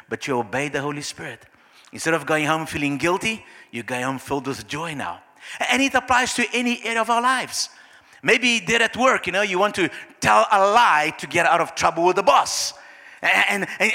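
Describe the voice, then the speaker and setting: A man preaching a sermon as pastor, acting out little scenes in soft, low voices. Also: animated, fairly quick. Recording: long hall reverb.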